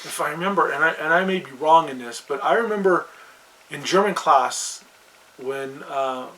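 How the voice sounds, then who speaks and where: Co-host: man, voice a bit higher than average, agreeable sidekick energy. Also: moderate pace, fairly bright tone, slight background noise, low-quality recording. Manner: agreeable, with frequent short backchannels. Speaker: podcast co-host. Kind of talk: casual chat about fantasy games.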